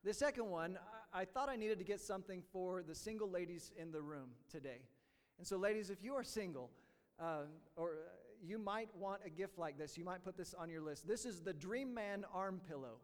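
A man's voice: sits high, brisk, clear, resonant tone, long reverb tail. A male pastor giving a sermon in a church, joking first and then teaching earnestly, often stumbling and repeating words. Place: church sanctuary.

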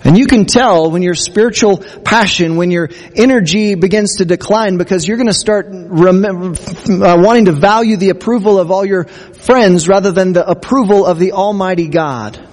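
A man's voice: high voice, normal speed, a little mellow, in a large hall. A man preaching a sermon as pastor, earnest, acting out quotes from scripture. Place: church.

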